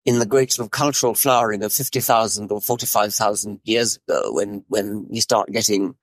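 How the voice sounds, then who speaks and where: A man's voice: on the low side, fairly quick, dry recording. A man hosting a conversation, hesitant and often repeating words as he thinks. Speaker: host. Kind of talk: casual chat.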